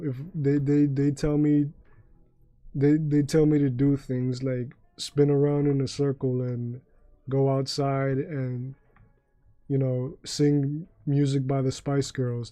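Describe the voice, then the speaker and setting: A man's voice: mid-range voice, mellow, no room sound. Laid-back rambling young streamer guy. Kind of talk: casual livestream chat.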